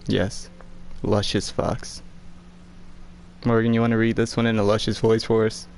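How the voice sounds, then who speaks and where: A man's voice: lowish voice, completely flat delivery, fast, darkish tone, slight background noise. A man streaming a game with friends, joking around and reading in-game entries aloud in a playful way.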